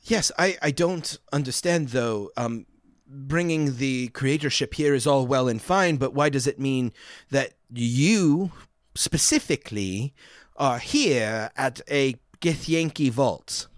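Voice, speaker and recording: A man voicing a curious, excitable female adventurer who fires off questions. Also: mid-range voice, slow, dry recording, clean studio sound, voice pushed up. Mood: excited.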